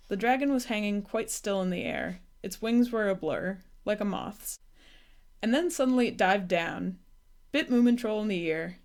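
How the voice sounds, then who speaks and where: A woman reads a children's storybook aloud, gentle and unhurried. Her voice sits at a mid pitch and moves evenly from line to line. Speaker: storybook reader. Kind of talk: reading a children's book aloud.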